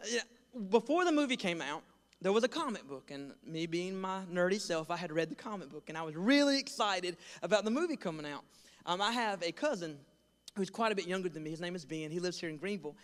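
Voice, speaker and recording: High-voiced young pastor in a reverberant hall. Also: male voice. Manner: animated, self-deprecating, acts out voices in his story. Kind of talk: storytelling sermon. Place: large church hall.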